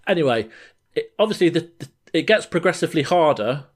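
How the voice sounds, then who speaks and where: This podcast co-host speaks fast in an expressive, mid-range male voice. Chatting casually, he gives an animated retelling of a scene from a game, laughing through the story and repeatedly trailing off and restarting.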